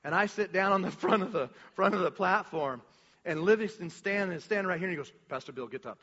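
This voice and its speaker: Man, pastor, casual animated sermon, high voice, dull sound. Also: a little fast, big-room sound. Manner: casual, animated preaching with slang and restarts.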